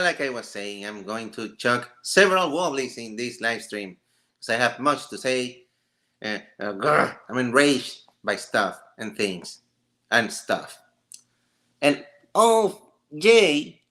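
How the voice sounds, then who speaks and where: A man chats on a casual live stream, breaking into laughter between jokes and rambling rants. His pitch swings widely and his tone is bright, while he speaks at an unhurried pace. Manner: laughs often, jokey and rambling.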